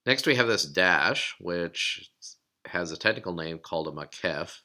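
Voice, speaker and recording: A man giving a recorded lesson, explaining steps calmly and sounding out words slowly. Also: sits low. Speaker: teacher.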